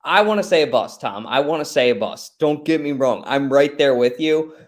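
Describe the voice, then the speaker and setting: A man co-hosting a sports podcast, talking casually and thinking out loud with hedges and asides. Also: fairly high pitch, lively intonation, normal speed. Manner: rambling, hedging, thinks out loud. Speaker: podcast co-host.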